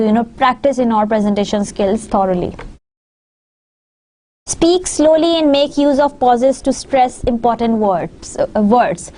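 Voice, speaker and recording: A woman with a high voice gives a lecture over slides. She pads her sentences with fillers and repeats her phrases as she explains each point. She sounds like a lecturer talking to students. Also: a little mellow. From Pakistan.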